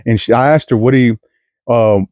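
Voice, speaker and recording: A man's voice: mid-range voice, steady tone, brisk, a little mellow, no echo, lo-fi sound. A young man from East Texas talking into a podcast mic in a crude, self-mocking monologue full of stumbling restarts. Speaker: podcast host. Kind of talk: rambling comedic monologue.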